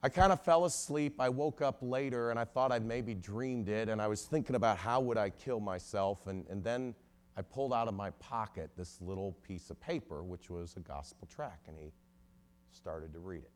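A man with a somewhat low voice preaches a sermon as a story. He quotes the people in it as he goes, his volume surging up and then falling away to almost nothing. He sounds like a lawyer addressing a church. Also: moderate pace. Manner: storytelling with sudden swells and drops in loudness.

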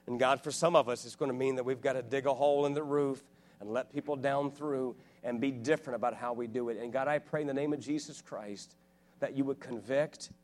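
A man's voice: mid-range voice, fairly even intonation. A man in his forties giving a sermon as a guest preacher, earnest and full of restarts, growing fervent as he tells his stories. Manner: earnest, rising to fervent and loud; halting restarts and repeated words. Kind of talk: sermon with personal storytelling. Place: church, live before a congregation.

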